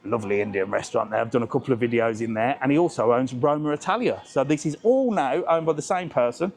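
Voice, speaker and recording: A man's voice: medium pitch, animated, fast talker, vocal fry, a little mellow. A man, chatting cheekily with passers-by as he walks through an outdoor market and marina for his travel vlog. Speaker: travel vlogger. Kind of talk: casual walking vlog.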